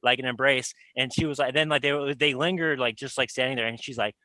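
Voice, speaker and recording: A young man co-hosting a podcast, telling quick, chatty anecdotes in a casual way. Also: mid-range voice, steady tone, pushed and bright, no room sound. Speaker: podcast co-host. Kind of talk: casual chat.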